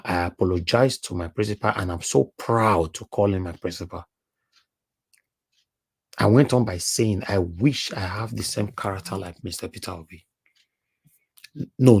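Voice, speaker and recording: A man's voice: on the low side, a little mellow, breathy edge, dry recording. A Nigerian man with a Nigerian accent, hosting a livestream and speaking emphatically, repeating words and slipping into Pidgin. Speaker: live stream host and panelist. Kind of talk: heated livestream monologue.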